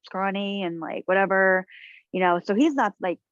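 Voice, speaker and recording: A woman's voice: mid-range voice, moderate pace, no echo, muffled recording. A woman chatting casually as a podcast co-host, rambling with lots of fillers. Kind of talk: casual chat.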